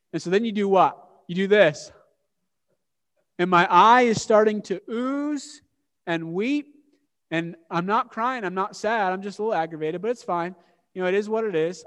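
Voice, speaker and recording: A man preaching a sermon as an animated, self-mocking story. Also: sits high. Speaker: pastor. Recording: long hall reverb.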